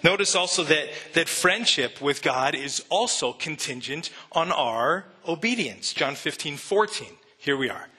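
The voice is a little high, with lively intonation, a somewhat slow pace and hardly any pauses, sharp and slightly rough. It belongs to an emotional pastor close to tears, giving an earnest, conversational sermon in the sanctuary and often starting sentences over.

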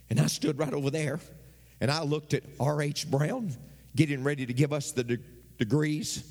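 A male pastor preaching a sermon, his voice climbing high toward near shouts. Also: breathy edge. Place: church. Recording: long reverb of a church hall.

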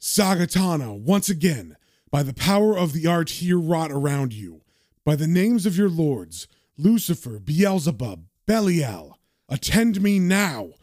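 A man's voice: fairly high pitch, sing-song, measured pace, a little mellow, no echo, studio quality. A man doing a grim young occultist chanting. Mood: solemn. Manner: solemn, intense incantation. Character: grim young male occultist casting a spell.

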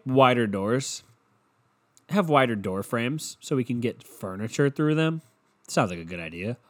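A young man with a stuffy nose from a cold hosts a solo podcast from his room, rambling, sarcastic and swearing constantly, close on a handheld mic. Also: mid-range voice. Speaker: podcast host. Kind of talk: casual solo podcast rant. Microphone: handheld mic held close to the mouth.

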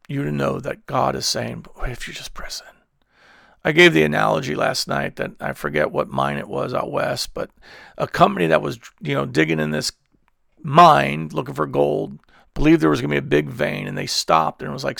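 A man's voice: on the high side, moderate pace, gravelly, a bit bright, dry recording, clean studio sound. A man preaching an earnest devotional message to online listeners, then leading them in prayer. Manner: earnest, repetitive, affectionate, drops to near-whisper at times. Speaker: pastor.

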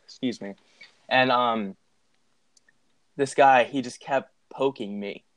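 A young man in casual chat, telling a story with lots of swearing and loud laughs. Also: mid-range voice, slow pace, no echo. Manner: animated, swears often, laughs loudly.

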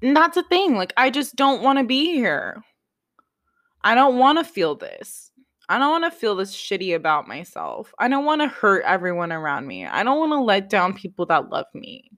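A woman's voice: medium pitch, sing-song, a bit bright. Raw, self-critical young woman vlogging. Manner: raw, self-critical, swearing, halting restarts. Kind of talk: confessional vlog.

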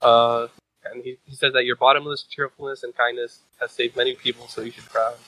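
A man's voice: medium pitch, flat delivery, brisk, bright, forceful tone, no room sound, rough recording. Rambling man in a dry close sound. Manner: rambling, many fillers and restarts, swears and laughs at the story. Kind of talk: casual chat recapping a manga chapter.

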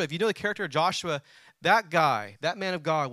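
A man delivers a sermon in an animated storytelling way, urging the congregation to say words back. His voice is bright and sits a little high for a man. The sound is close and dry. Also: a little fast, no echo. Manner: animated, calls on the congregation to respond. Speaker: preacher.

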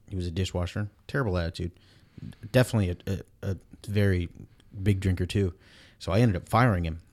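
A man with a very deep voice chats casually, telling a story in a blunt, profane way. He retells the events with animation. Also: a little mellow.

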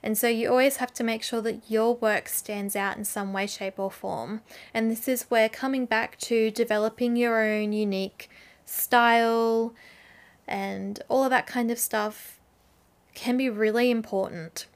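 A woman's voice: on the high side, fairly even intonation, measured pace. A woman hosting a casual solo podcast, talking through business advice for artists in an earnest, chatty way. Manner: chatty, earnest, with fillers and restarts.

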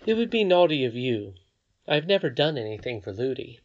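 A narrator voicing a very old, wise great-great-grandmother, speaking softly and calmly. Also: medium pitch, brisk, close to an everyday voice. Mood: gentle. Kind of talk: audiobook character voice. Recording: slightly dull lo-fi recording.

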